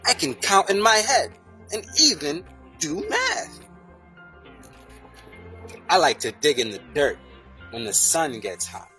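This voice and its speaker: A reader reading a children's picture book aloud in a slow, sing-song way. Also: medium pitch, very animated, pushed and bright, soft background music. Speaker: storybook reader.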